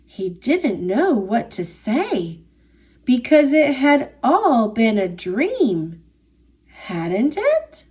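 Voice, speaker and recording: A woman reading a children's picture book aloud, with expressive, drawn-out storybook narration. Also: on the high side.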